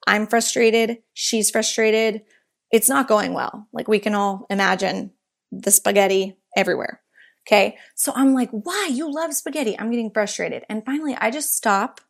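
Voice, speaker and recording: A woman speaking as a guest author on baby sign language, telling lively stories in a casual chat with a lot of "like". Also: mid-range voice, normal speed, gravelly. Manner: lively storyteller, chatty, says "like" often.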